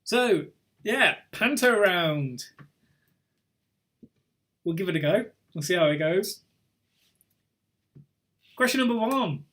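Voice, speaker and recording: A man's voice: high voice, animated, takes it slowly, long pauses, fairly bright tone. A man hosting a casual online pub quiz over a video call, chatty and teasing as he reads out scores. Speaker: quiz host.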